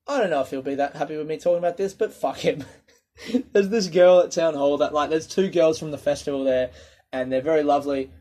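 A young man with an Australian accent, a stand-up comedian telling self-mocking stories, swearing freely and acting out the people he quotes. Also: fairly high pitch. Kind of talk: casual storytelling monologue.

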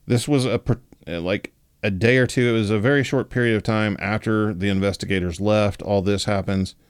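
A man hosting a podcast, telling a story in a relaxed, casual way with lots of filler words. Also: on the low side, fairly quick, smooth, dry recording, clean studio sound. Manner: relaxed, many fillers like 'like' and 'you know'. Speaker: podcast host.

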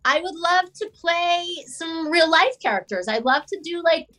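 A woman's voice: very high-pitched, expressive, moderate pace, a bit bright, poor audio. A woman actress chatting as an interview guest, talking in loose, chatty sentences full of fillers and restarts. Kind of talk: casual interview chat.

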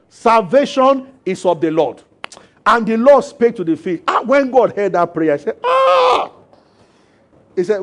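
Preacher guy, super high pitched, animated sermon, does little voices. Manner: animated, acts out voices and laughs with the congregation. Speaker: pastor.

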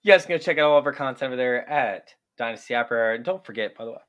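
A man's voice: medium pitch, very fast, fairly bright tone. A man hosting a casual podcast, easygoing and playful with his guest. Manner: playful, hammy read of sponsor ads. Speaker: podcast host. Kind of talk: casual chat.

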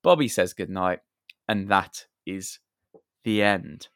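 Brief: lowish male host, casual chat, quick laughs, dry close sound. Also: lively intonation, a bit bright, clean tone, no room sound. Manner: laughs often, hesitant restarts. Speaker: podcast host.

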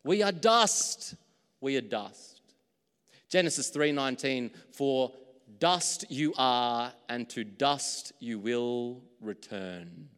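A man's voice: mid-range voice, takes it slowly, clean tone. Man, pastor's sermon, casual and self-mocking, long hall reverb. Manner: conversational, jokes at his own slips.

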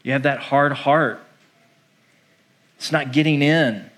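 A male pastor preaching a sermon in an animated, conversational way, acting out the voices he quotes. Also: medium pitch, slow.

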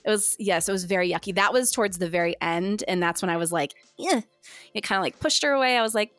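A woman's voice: fairly low pitch, moderate pace, fairly bright tone, dry recording. A woman co-hosting a podcast, telling a personal story candidly in casual chat and quoting what others said. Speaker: podcast co-host sharing her story.

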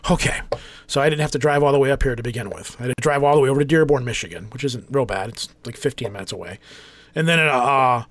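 A man in his 40s co-hosts a podcast, telling a rambling, joking story packed with acted-out quotes in a casual storytelling chat. His mid-range voice is fast and fairly bright, and the recording is dry.

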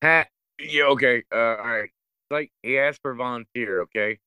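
A man's voice: mid-range voice, normal speed, clear, resonant tone, no echo. A man chatting casually about a movie, rambling and profane as he retells scenes with plenty of fillers. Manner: rambling, profane, animated storyteller. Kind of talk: casual movie recap chat.

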